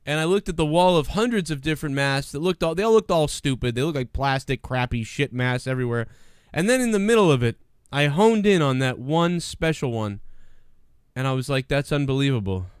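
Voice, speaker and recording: A man's voice: a little high, lively intonation, a little fast, smooth, dry recording, studio quality. A man hosting a casual comedy podcast, rambling and joking with lots of fillers. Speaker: podcast host.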